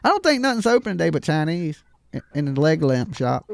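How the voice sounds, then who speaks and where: Fast-talking slangy man, dry mic. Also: a little high, very animated, gravelly, no room sound. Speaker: panelist on a live stream. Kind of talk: casual chat.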